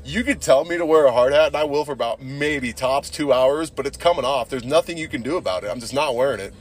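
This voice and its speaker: A man's voice: mid-range voice, fast talker. A young man hosting a podcast, telling a rambling, crude story and cursing a lot, filling it with "dude". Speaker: podcast host. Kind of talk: casual profane storytelling.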